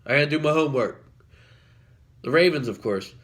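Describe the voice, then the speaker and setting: A man talks straight to camera in a casual vlog. His voice sits a touch high for a man, and he rambles, filling gaps with ums and restarting his sentences. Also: animated, brisk, fairly bright tone. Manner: rambling, full of ums and self-corrections. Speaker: vlogger.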